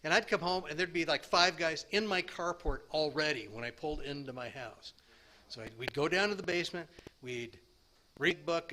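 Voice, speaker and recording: A man in his sixties sharing his recovery story at a meeting, rambling and self-deprecating, with halting restarts. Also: on the high side, sharp tone, slight background noise. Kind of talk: personal recovery share.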